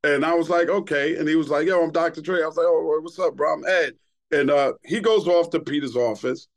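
A middle-aged man from Queens spins a long, profane tale in casual podcast talk. His voice sits a little high for a man, and he tells it with lively energy. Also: fairly quick. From Queens, New York. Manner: profane, animated storyteller. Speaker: guest, radio DJ.

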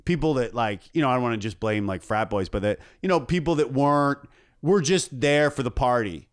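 Earnest rambling man with a smooth voice. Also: mid-range voice, no echo, clean studio sound. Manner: rambling, earnest, halting with restarts. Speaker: comedian guest. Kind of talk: casual podcast chat.

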